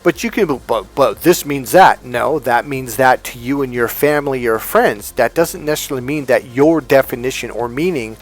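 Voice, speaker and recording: A man's voice: medium pitch, normal speed, hardly any pauses. A man giving a casual motivational talk as a relationship coach, retelling conversations in a chatty, conversational way. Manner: conversational, retells exchanges in quoted dialogue.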